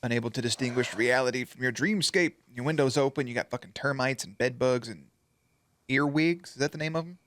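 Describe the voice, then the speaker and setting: A man hosting a casual reaction video, talking in a slangy, profane, animated way. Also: medium pitch, a little fast.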